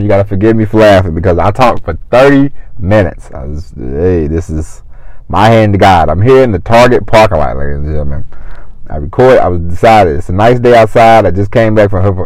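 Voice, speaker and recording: This podcast host rambles casually on his own from his car in a parking lot, folksy and chatty, often breaking off to restart. His voice is lowish and darkish, and the rough recording has no echo.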